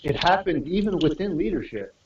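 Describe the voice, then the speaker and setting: A man's voice: fairly high pitch, lively intonation, brisk, a little mellow, slight background noise. A man chatting casually on a live stream, swearing, laughing and restarting his sentences. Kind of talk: casual live chat while walking. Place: out walking, then a convenience store. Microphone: phone in a pocket. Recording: muffled, roomy, distant phone mic.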